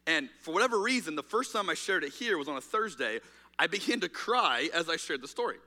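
A man's voice: on the high side, big pitch swings, brisk, pushed and bright. A man preaching a sermon as pastor, speaking in a candid, conversational way with fillers and restarts. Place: church auditorium. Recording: reverberant hall.

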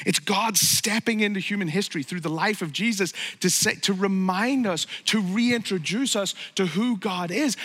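A man's voice: high-pitched, bright, forceful tone. A middle-aged man preaching a sermon as pastor, emphatic and building to raised peaks. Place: church sanctuary. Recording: long hall reverb.

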